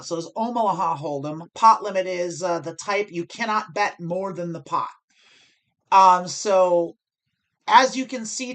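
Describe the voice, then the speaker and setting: An American woman streaming online poker, explaining her decisions as she thinks aloud and corrects herself. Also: fairly low pitch. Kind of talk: live-stream strategy commentary.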